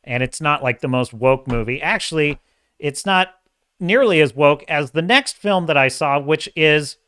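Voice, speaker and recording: A podcast host running a live-stream show gives an animated, opinionated movie review that rambles, and he often corrects himself mid-thought. His voice is fairly high and smooth at a moderate pace, recorded at studio quality with no room sound.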